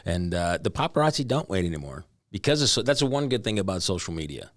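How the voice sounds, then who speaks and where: A middle-aged man who is a guest on a podcast, chatting in a relaxed way and musing out loud. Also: sits low, quick pace, no echo, studio quality. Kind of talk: casual conversation.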